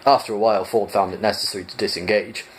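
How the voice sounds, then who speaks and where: A man casually reading a novel aloud for listeners, relaxed, sometimes stumbling and restarting words. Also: lowish voice, quick pace, slight background noise, rough recording. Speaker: reader.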